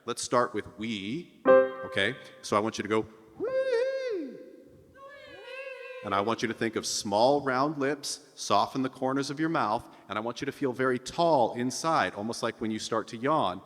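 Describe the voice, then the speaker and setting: A man teaching a singing lesson, explaining techniques between high vocal demonstrations and checking in with his students. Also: moderate pace, in a large hall, over loud music. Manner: sings high falsetto vowel drills between explanations; encouraging, checks in with "okay?". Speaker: vocal coach.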